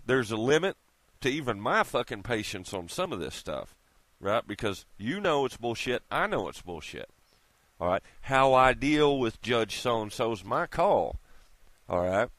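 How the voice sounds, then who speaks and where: Man, swearing rant to camera, pitch jumps all over, very dry sound. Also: fairly bright tone, no room sound. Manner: heated, swears constantly, preachy asides to viewers. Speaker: vlogger. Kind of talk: profane ranting monologue.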